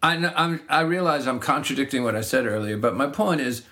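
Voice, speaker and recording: A man's voice: medium pitch, fairly quick, pushed and bright. A middle-aged man, a singer-songwriter, chatting casually and reflectively about his craft, often restarting his sentences. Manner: reflective, rambling, frequent restarts. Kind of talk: casual conversation.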